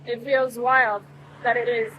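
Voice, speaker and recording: A woman's voice: fairly high pitch, little pitch movement, a little slow, a bit bright, slight background noise, rough recording. A woman hosting a sailing vlog, chatting casually on location outdoors and laughing easily. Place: outdoors in a humid town.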